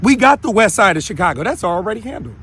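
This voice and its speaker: A man's voice: sits high, big pitch swings, fast talker, a bit bright, husky. A man in his thirties from Minneapolis, hosting his own show in a brash, confrontational unscripted monologue with stammering restarts. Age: 30s. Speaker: show host.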